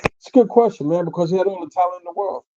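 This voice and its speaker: Speaking very fast in a high voice, a middle-aged boxing trainer tells casual stories as an interview guest, acting out quotes and tacking on "man" and "you know what I mean." The recording is lo-fi, with a noisy background.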